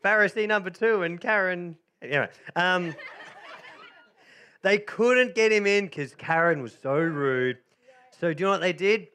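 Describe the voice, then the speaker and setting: Bright-voiced, jokey male preacher. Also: high voice, measured pace, smooth. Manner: jokey, chatty, encouraging. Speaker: pastor. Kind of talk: sermon with playful reenactment.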